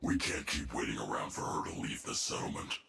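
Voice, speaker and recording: Game henchman, very low, gravelly. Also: a little fast, sharp tone, a little hiss or hum, heavily acted. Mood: frustrated.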